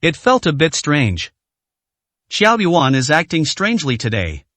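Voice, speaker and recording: A man narrating a translated web novel story, reading every character's lines in the same steady narrating voice. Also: a little high, a little slow, no room sound.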